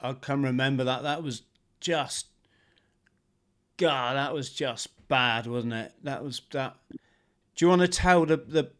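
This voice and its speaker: A man's voice: mid-range voice, unhurried, pauses often, fairly bright tone. Guy hosting a podcast, normal mid voice, chatty, keeps adding little asides and checking facts. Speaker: podcast host. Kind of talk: casual interview chat.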